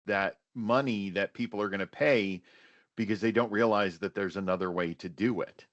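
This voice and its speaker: A man with a low voice hosting a webinar, talking earnestly and circling back to his points. The sound is dry and a little dull, as if recorded with a modest mic. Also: normal speed, dry recording. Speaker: webinar host. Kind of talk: casual webinar conversation.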